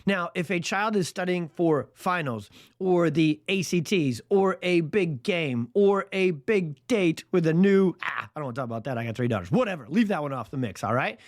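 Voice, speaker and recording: A man's voice: sits high, normal speed, no echo. Guy hosting his podcast solo, dry close sound, punchy and casual, keeps repeating lines to hammer a point. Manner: emphatic and animated, stacks repeated phrases; casual, folksy slang. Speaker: podcast host. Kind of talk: solo podcast monologue explaining a health topic. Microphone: podcast microphone.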